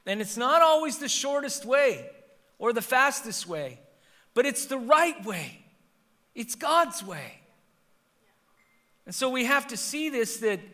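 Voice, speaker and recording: A middle-aged man preaching a sermon as pastor, swinging between loud emphatic peaks and quiet, low passages. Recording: long hall reverb.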